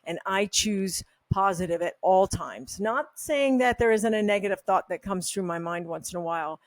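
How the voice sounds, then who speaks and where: A woman's voice: medium pitch, moderate pace, no room sound. A woman hosting a health vlog, talking casually in a candid, opinionated, rambling way. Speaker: health supplement brand host. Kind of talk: casual talking-head monologue.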